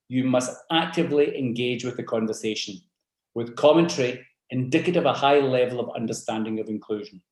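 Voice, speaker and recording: A man's voice: mid-range voice, darkish tone, reverberant. A man with a mixed South African and Scottish accent opening a webinar with formal, courteous announcements. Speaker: event host.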